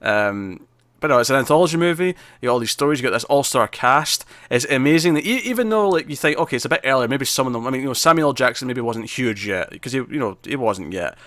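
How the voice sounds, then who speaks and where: A man's voice: mid-range voice, expressive, quick pace, a bit bright, no room sound. A man co-hosting a movie discussion podcast, talking casually and rambling with lots of fillers and restarts. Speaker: co-host of a movie discussion show. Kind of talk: casual chat.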